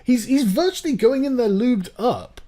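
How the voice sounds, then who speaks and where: Host, male, profane sarcastic ranter, lively pitch, warm low timbre. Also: normal speed. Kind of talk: casual political chat.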